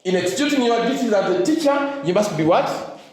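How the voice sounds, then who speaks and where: A man's voice: high voice, expressive, brisk. A man giving a motivational talk to teachers, leaving sentences open with "what?" for the audience to fill in and mixing in Luganda phrases. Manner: call-and-response, asks "what?" for the crowd to fill in. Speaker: motivational speaker. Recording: echoey room.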